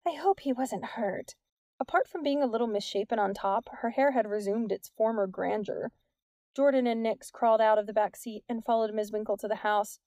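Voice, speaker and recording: A woman reading an audiobook in a measured, even narration. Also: a little high, dry recording. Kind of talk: scripted narration.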